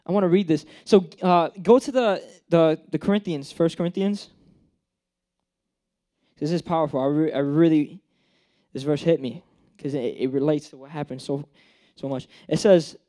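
Young man, high voice, casual sermon, chatty, playful character voices. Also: moderate pace, dark tone. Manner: chatty, joking, acts out characters. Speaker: preacher.

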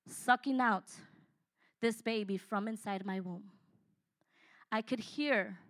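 Woman in her 50s telling her testimony, fairly high voice, earnest, talks right to the crowd. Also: fairly bright tone. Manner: earnest, addresses listeners directly, dynamic delivery. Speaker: speaker giving a testimony. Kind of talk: impassioned personal testimony.

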